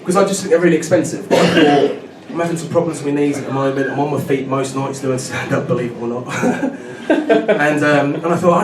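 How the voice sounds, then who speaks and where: A man in his thirties working a pub crowd with a stand-up set, chatty and always checking in with his listeners. He is caught from a distance in a boomy room, with loud noise running underneath. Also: a little fast, echoey room. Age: 30s. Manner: chatty, keeps checking in with "right?". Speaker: stand-up comedian. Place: pub comedy night with a live audience.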